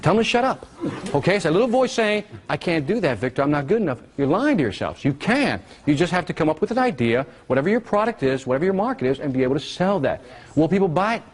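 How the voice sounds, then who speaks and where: A high-pitched, fast-speaking man leads a live marketing seminar with playful teasing and animated energy, and his audience answers his calls.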